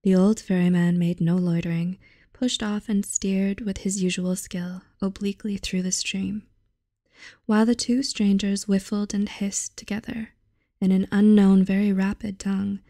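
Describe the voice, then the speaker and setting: Soft-spoken young woman reading aloud. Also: mid-range voice, gravelly, dry recording, clean studio sound. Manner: soft, unhurried, often half-whispered. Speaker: channel host reading aloud. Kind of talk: reading a fairy tale aloud.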